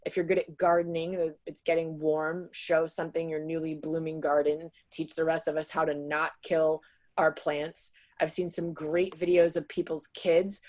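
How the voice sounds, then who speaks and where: A woman's voice: deep voice, level tone, normal speed, a little mellow. Chatty woman presenting on a video call. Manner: chatty, with many "um" and "like" fillers. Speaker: sales trainer presenting to real estate agents. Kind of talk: casual webinar presentation.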